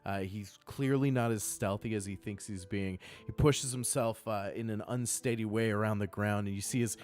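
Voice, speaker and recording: A man narrating as game master of a tabletop game, relaxed and easygoing. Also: on the low side, normal speed, soft background music. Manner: relaxed, laughing asides, restarts.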